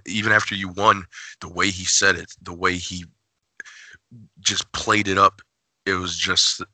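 A man's voice: low-pitched, bright, forceful tone, no room sound. A man on a podcast speaking casually and emphatically about his favorites. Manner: emphatic, enthusiastic.

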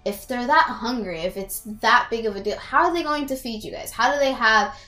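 A woman talks casually and keeps things easygoing, with lots of quick "mm-hmm"s and "right"s. Her voice rings in a roomy space, and soft music plays faintly behind her. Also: on the high side. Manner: easygoing listener with lots of short agreements. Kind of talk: casual chat about an anime. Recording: echoey room.

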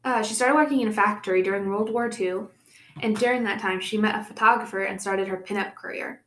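A woman's voice: mid-range voice, a little fast, fairly bright tone. Young woman podcast host, casual true-crime storyteller, mid-range voice, recorded in an echoey room. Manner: reads the case with chatty asides and laughs. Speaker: podcast co-host presenting the case.

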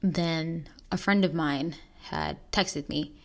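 A young woman hosting a podcast, telling a painful personal story in an earnest, halting way with restarts. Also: low voice. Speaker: podcast host.

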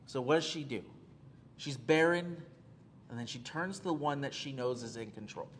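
A man's voice: mid-range voice, normal speed, a little hiss or hum. A male pastor preaching a sermon, earnest and repeating key phrases for emphasis, with frequent "uh" fillers.

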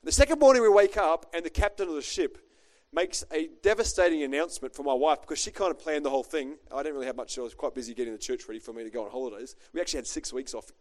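Fast-talking pastor, joking storyteller. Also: male voice, fairly high pitch. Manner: chatty, joking, animated. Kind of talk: storytelling sermon.

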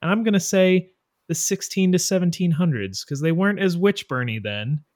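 A man's voice: high-pitched, animated, normal speed. A man on a casual podcast, rambling through a thoughtful answer with jokes. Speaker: podcast co-host.

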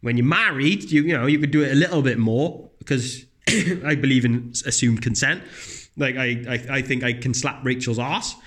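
Speaking at a normal speed, this man is blunt, profane and animated as he rants through a casual comedy conversation. When mocking other people, his voice leaps up high.

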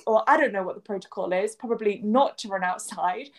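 A woman's voice: a little high, fairly quick, few pauses. A woman from England with an English accent, co-hosting a podcast and telling stories in casual chat, acting out quotes and sound effects. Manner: animated storyteller, acts out quotes and sound effects. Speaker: podcast co-host.

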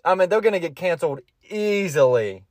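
A young man talks through his solo podcast in a loose, rambling, profane way and keeps cracking himself up. His voice sits high for a man. The recording is close and dry. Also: lively intonation, brisk, a little mellow, no room sound. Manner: rambling, profane, laughs often. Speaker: podcast host.

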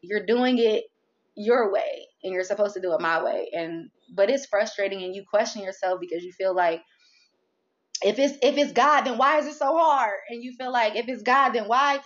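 Animated woman talking candidly. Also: medium pitch, normal speed, highs cut off. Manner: animated, expressive, acts out inner dialogue. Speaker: guest, merch business owner. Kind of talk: candid faith conversation.

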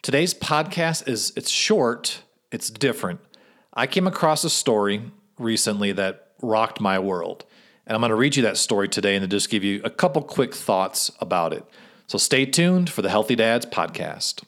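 A man's voice: fairly low pitch, animated, normal speed, fairly bright tone. A middle-aged man hosting a podcast, talking in a friendly, conversational way. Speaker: podcast host. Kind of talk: casual podcast monologue.

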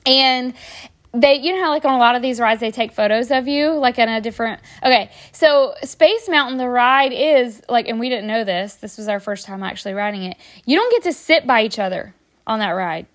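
A woman's voice: on the high side, fairly quick, fairly bright tone. A woman, telling stories in a rambling, chatty way on a podcast, full of fillers and restarts. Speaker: podcast host. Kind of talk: casual storytelling.

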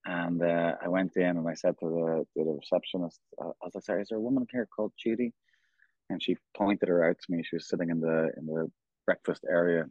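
An Irish man telling a long story as an interview guest, rambling and halting with many restarts. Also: low-pitched, little pitch movement, no echo, lo-fi sound. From Ireland. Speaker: company founder, guest.

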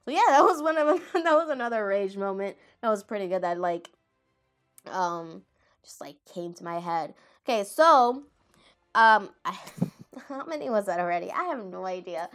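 Faint music plays behind a woman who rambles casually through anime moments, heavy on filler words and self-deprecating asides. She is an anime commentator with a medium-pitched, animated voice at a normal speed.

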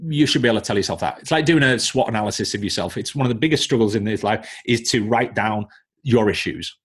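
Husky, fast and on the low side, the voice belongs to a man from Northern England with the matching accent. He is a coaching business mentor guesting on a casual podcast, laying out his views bluntly in a lecturing style full of examples.

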